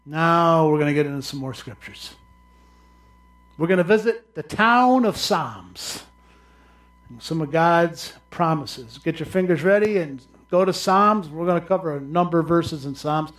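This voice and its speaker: A man with a high-pitched voice preaches with passion. His delivery climbs into loud, raised cries, then drops to low, quiet asides. It sounds like a heartfelt weekly church message. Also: normal speed. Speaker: pastor. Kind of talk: sermon.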